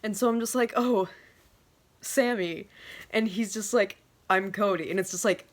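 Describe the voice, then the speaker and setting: A woman in her twenties telling a casual storytime vlog, swearing constantly and talking excitably. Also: mid-range voice, normal speed. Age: 20s. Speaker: vlogger.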